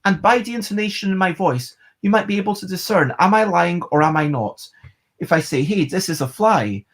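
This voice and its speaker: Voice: medium pitch, a little fast. A board game reviewer, giving a casual, rambling video review and thinking aloud.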